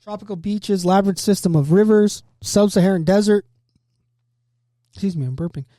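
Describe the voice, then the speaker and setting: A man's voice: sits high, moderate pace, dark tone, no room sound, studio quality. Upbeat young man hosting a joking podcast. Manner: loose, joking, reads facts aloud. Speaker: podcast host. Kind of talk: casual chat.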